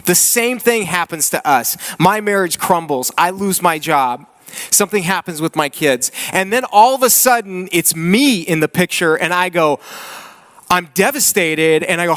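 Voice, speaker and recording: A man's voice: high-pitched, expressive, moderate pace, fairly bright tone. A man in his thirties preaching a sermon, telling a personal story with humor and frequent restarts. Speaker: pastor.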